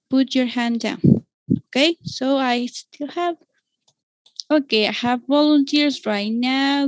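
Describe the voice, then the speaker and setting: A woman's voice: high voice, no echo, poor audio. A woman with a Mexican Spanish accent teaching an online English class, patiently explaining grammar and checking in with "okay?" after each point.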